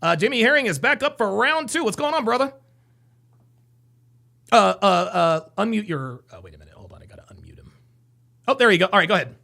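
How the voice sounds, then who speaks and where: A man hosting a live call-in stream, chatting casually and reacting in quick, agreeable bursts. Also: high voice, expressive, vocal fry, pushed and bright. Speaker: livestream host.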